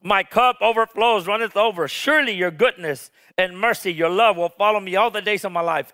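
Male pastor, high clear voice, fervent call-and-response sermon delivery. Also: fairly quick, few pauses, pushed and bright. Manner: call-and-response preaching, urging the congregation to repeat; passionate, rises to emphatic peaks.

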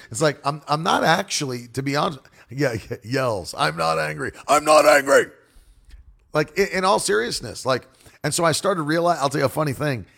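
Forceful preacher with a gravelly voice. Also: male voice, a little high. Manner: forceful, demonstrative, animated. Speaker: preacher and broadcaster. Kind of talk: casual monologue.

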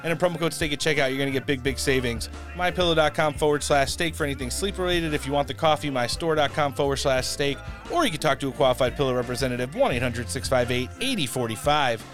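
A man's voice: mid-range voice, a bit bright, soft background music. A man hosting a political podcast, chatting and reading his sign-off and sponsor spots. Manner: brisk sign-off with ad reads. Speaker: podcast host. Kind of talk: casual political podcast chat.

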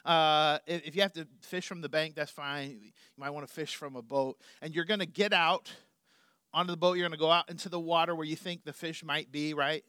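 A middle-aged male pastor delivers a sermon with a high voice. He lands hard on key words, then falls to quiet asides. The recording is dry and close. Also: brisk, smooth, no echo. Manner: animated, swings from loud emphasis to quiet asides.

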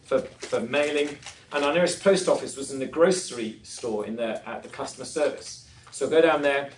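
A man's voice: medium pitch, moderate pace, roomy sound. A man giving a preaching talk to a live audience, telling stories with self-deprecating humour and asking the crowd questions. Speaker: conference speaker. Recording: distant mic with faint noise.

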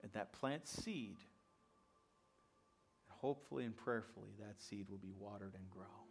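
A man's voice: on the low side, unhurried, vocal fry, faint music behind. A male pastor preaching a sermon, repeating key lines and acting out the voices of skeptics. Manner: repetitive call-and-response preaching, acts out skeptics.

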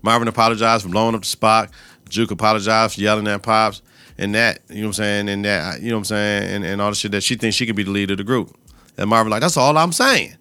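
A man's voice: fairly low pitch, level tone, quick pace, bright, forceful tone, clear, resonant tone, no room sound. A male podcast host giving a casual, profane, slang-heavy recap of a TV episode and quoting the characters' lines.

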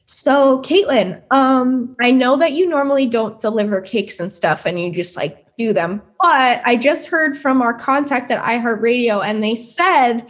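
Excitable young woman from New Jersey. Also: a little high, measured pace, few pauses, muffled recording. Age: 20s. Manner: excited, animated, swears freely, acts out quotes. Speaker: guest pastry chef. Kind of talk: casual storytelling.

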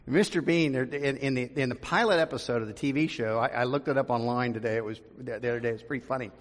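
A man's voice: medium pitch, fairly even intonation, fast, hardly any pauses. A man, a pastor, giving a conversational sermon with frequent ums and restarts, building to emphasis. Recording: long reverb of a large room.

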